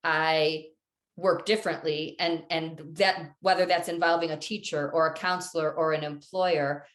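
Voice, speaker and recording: A woman's voice: low-pitched, steady tone, moderate pace. A woman hosting a podcast interview, reflecting and affirming her guest's points. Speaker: podcast host. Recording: roomy echo.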